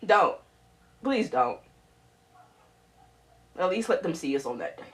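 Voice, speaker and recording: A woman's voice: lowish voice, big pitch swings, slow pace. A woman recording an emotional, pleading video message to her mother on a phone, often repeating herself. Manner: pleading, repeats herself, swings between soft and loud.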